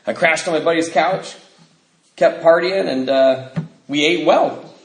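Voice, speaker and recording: A middle-aged American man, his voice a little high and unhurried, tells his recovery story to a meeting in a convention hall. He acts out voices and laughs often as he gives this personal testimony. The recording carries a roomy hall sound with faint noise.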